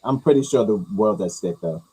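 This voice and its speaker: A man with a slightly husky voice hosts a loose, casual chat about movie news. He rambles, tosses out crude jokes and mutters low asides. His pitch swings widely from line to line. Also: expressive, a little fast, mellow, low-quality recording. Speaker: host reacting to movie news.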